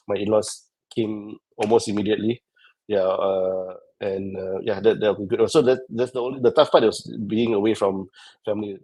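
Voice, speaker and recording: A man in his thirties, an airline pilot answering interview questions with halting, filler-heavy speech. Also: lowish voice, mellow, no room sound, rough recording. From Singapore. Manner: hesitant, many fillers and restarts.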